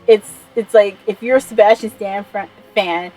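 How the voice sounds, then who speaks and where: Rambling, excitable woman vlogger. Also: mid-range voice, moderate pace, soft background music, low-quality recording. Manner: rambling, enthusiastic, swears freely. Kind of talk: casual chat.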